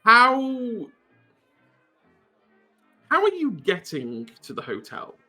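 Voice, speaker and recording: A man's voice: extremely high pitch, wildly swooping pitch, drawn-out words, sharp tone, soft background music. A man narrating a tabletop horror game as game master, rambling with many ums and wry asides.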